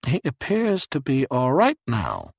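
A man reading an audiobook, voicing an odd, clinical man who talks in smooth, jargon-laden phrases. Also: mid-range voice, wildly swooping pitch, unhurried, dry recording, studio quality, voice pushed up, exaggerated voice.

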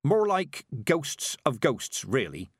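A man reading an audiobook, voicing a stern old witch who talks in a brisk, firm, no-nonsense way. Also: medium pitch, wildly swooping pitch, slightly rough, no room sound, studio quality, pitched above the performer's own voice, heavily acted.

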